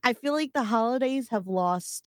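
A woman's voice: fairly high pitch, lively intonation, moderate pace, no room sound, clean studio sound. A woman co-hosting a podcast, chatting casually in a profane, joking, sarcastic way. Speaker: podcast co-host. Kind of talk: casual chat.

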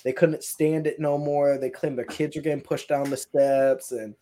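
A man's voice: on the high side, flat delivery, moderate pace, warm tone. A man, a guest paranormal investigator, telling his stories in a loose, rambling way with plenty of fillers. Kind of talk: casual storytelling.

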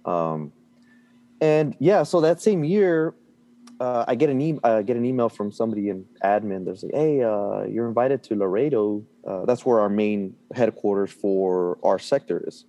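A man telling a workplace story in casual conversation, animated and swearing freely. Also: on the low side, normal speed. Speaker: guest.

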